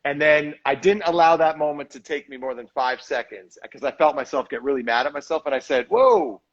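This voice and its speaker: This man, an actor and director, has a fairly high, fairly even voice and talks briskly over dull audio. In a live video chat he sounds tired, speaking casually and reflectively, rambling a little and poking fun at himself.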